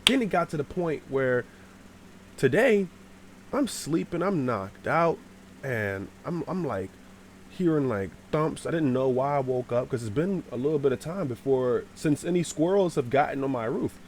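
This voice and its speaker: A man telling a casual, rambling storytime to his channel, slangy, with sudden shouted bits. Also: mid-range voice, moderate pace, a little hiss or hum. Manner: animated, swears, shouts out acted lines.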